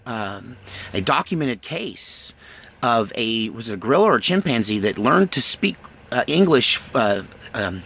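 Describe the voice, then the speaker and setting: A man's voice: mid-range voice, gravelly, a bit bright, husky. A middle-aged man vlogging in a casual, rambling, folksy way, with plenty of fillers. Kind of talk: casual chat to camera.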